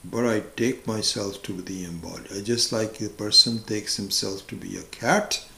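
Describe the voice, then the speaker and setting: A man teaching a scripture class, deliberate and storytelling in manner, speaking in a roomy hall. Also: fairly low pitch, steady tone, vocal fry, sharp tone. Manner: deliberate storyteller, acts out voices. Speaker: spiritual teacher.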